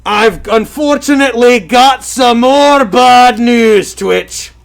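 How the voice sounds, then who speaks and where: A man co-hosting a casual gaming news show, bantering in an animated, joking way. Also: extremely high pitch, slow, gravelly. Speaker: podcast co-host.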